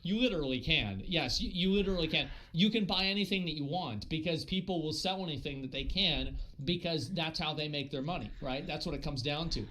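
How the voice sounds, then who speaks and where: A man's voice: a little high, fairly quick, hardly any pauses, bright, forceful tone, low-quality recording. A man streaming live and chatting casually about a game, rambling with lots of filler words and swearing. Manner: rambling, heavy on fillers and profanity. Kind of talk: casual gaming stream chat.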